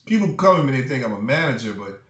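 A man's voice: mid-range voice, big pitch swings, fast, fairly bright tone, muffled recording. A man who works as a music publisher, giving blunt, profane advice in a casual interview and ranting with heat. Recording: roomy echo.

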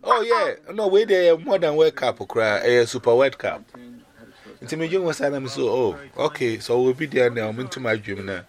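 At a moderate pace, a man with a Ghanaian accent shares his personal testimony on a video call. He tells the story animatedly, his voice climbing and dropping in pitch.

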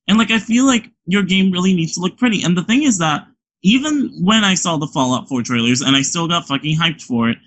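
A man's voice: high-pitched, lively intonation, a little fast, a bit bright, poor audio. A man co-hosting a casual gaming podcast, enthusiastic and full of fillers and swearing. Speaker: podcast co-host.

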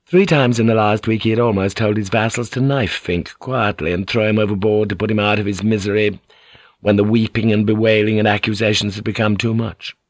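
A man reading an audiobook aloud in a measured, dramatic storytelling manner, recorded in a studio. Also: lowish voice, level tone, no echo. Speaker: audiobook narrator. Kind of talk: scripted audiobook narration.

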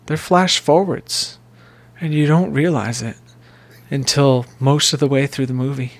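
A man's voice: mid-range voice, steady tone, unhurried, no room sound. A man with a mid-range voice co-hosting a casual film chat. He explains plots in a playful, chatty way, with a few jokes along the way. The recording is dry and close. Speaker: podcast co-host.

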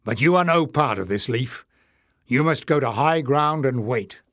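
A man's voice: medium pitch, expressive, unhurried, fairly bright tone, dry recording, studio quality. Figure: a man doing a firm, commanding companion. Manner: insistent.

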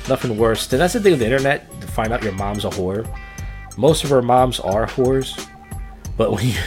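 A man hosting a casual podcast, reading odd headlines and tossing in crude, offhand remarks, often stumbling and restarting as he reads. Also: medium pitch. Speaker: podcast host.

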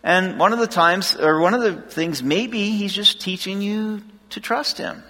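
A man preaching a lively sermon as pastor, laughing and acting out frightened voices. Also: high voice, unhurried, in a large hall. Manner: animated, laughing, acts out scared voices.

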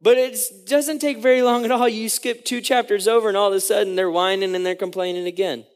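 A man's voice: sits high, steady tone, quick pace. A man preaching a casual, joking sermon, acting out the crowd's voices as he tells the story. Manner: casual, joking, lots of "like" and "you know". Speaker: pastor.

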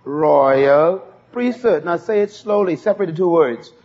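Quick and mellow, this male preacher's voice sits high as he hammers home key phrases for the congregation to repeat. It's recorded on a dull, lo-fi sermon tape.

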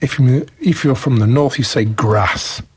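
A man's voice: medium pitch, a little fast, a little mellow, breathy edge. A man from the south of England with a southern English accent, co-hosting a radio show and chatting about English with bits of Polish. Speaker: radio co-host teaching English. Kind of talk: bilingual radio chat. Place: radio studio.

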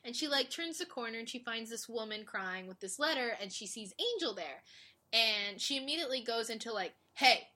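A young woman recaps a story in lively casual chat, acting out each character as she goes. Her voice sits a little high, with a bright, forceful edge. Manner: animated, laughing, acts out characters in quick voices.

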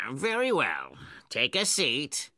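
An actor playing a blunt, money-minded male restaurant owner with a gravelly voice in a storybook radio drama. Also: on the high side, huge pitch swings, slow, pushed and bright, no room sound, studio quality, heavily acted. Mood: grudging. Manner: blunt, grudging.

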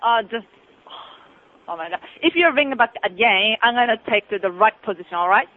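A woman with a Japanese accent answering a tavern phone. She speaks in halting English, often asks callers to repeat themselves, and turns curt. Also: on the high side, animated. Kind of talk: phone call. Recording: tinny phone line.

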